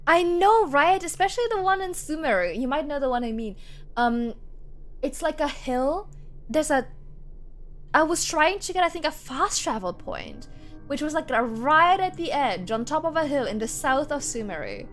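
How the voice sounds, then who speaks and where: A woman's voice: sits high, very animated, measured pace, long pauses, fairly bright tone. A young woman streaming a game, chatting in a bubbly, giggly, rambling way over game music. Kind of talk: casual gameplay commentary.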